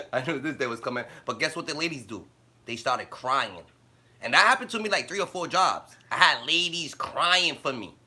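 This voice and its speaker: Bright, animated man ranting on a live stream. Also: fairly high pitch, normal speed. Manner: profane, blunt storytelling with street slang; laughs often while talking. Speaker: livestreamer. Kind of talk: casual live-stream rant.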